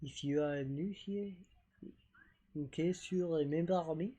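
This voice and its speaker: A man streaming live, chatting casually with viewers in a halting, self-deprecating, rambling way. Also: fairly high pitch, warm tone, slightly rough.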